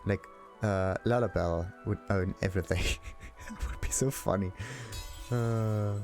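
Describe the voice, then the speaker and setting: A man's voice: fairly low pitch, unhurried, darkish tone, faint music behind. A man hosting a game let's play, casually reading dialogue options aloud, chuckling and musing to himself. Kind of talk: casual gameplay commentary.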